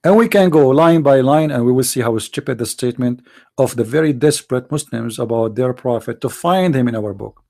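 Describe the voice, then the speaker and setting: A man's voice: medium pitch, a little fast, gravelly, darkish tone. A man hosting a live online call-in debate. He speaks heated, non-native English and keeps pressing with rhetorical questions. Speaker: host of a call-in debate show.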